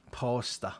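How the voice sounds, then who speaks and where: A man from Sweden with a Swedish accent, chatting casually on a game stream in a playful, rambling way. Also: fairly bright tone. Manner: rambling, playful, joking tangents. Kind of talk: casual gaming stream chat.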